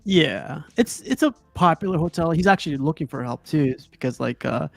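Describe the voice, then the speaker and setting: A man's voice: fairly high pitch, animated, moderate pace, vocal fry, no room sound, soft background music. A man hosting a casual film review, talking loosely and laughing often. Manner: laughs often, rambling with fillers. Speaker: podcast host. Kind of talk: casual movie review chat.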